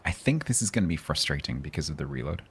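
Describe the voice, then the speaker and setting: A man streaming live gameplay and commenting as he plays, chatty and breaking into sudden excited exclamations. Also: a bass voice, fast, a little hiss or hum. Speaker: game streamer.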